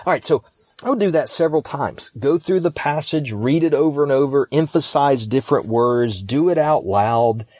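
A man teaching scripture on a podcast in a steady, practical way, pausing now and then on an um or uh. His voice sits at an ordinary middle pitch and is recorded close and dry, with no room around it. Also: dry recording. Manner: calm, practical, instructional, with fillers. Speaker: pastor and podcast host.

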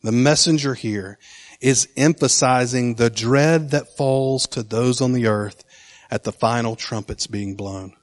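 A man's voice: mid-range voice, measured pace. A man teaching from the Bible in a casual, enthusiastic way, with frequent fillers and restarts. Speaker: preacher.

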